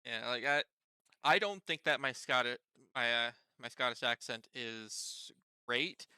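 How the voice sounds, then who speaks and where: A man's voice: medium pitch, measured pace, sharp tone, clean tone, dry recording. A man hosting a tabletop game's session zero, chatting casually and often stumbling over and repeating his words. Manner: stammering, restarts words. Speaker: player and channel host. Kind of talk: casual chat.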